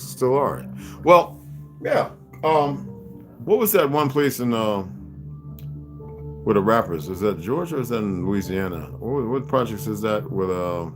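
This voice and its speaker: A man hosting a casual livestream, rambling and profane, who laughs often as he talks. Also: on the low side. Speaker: livestream host. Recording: music playing clearly behind.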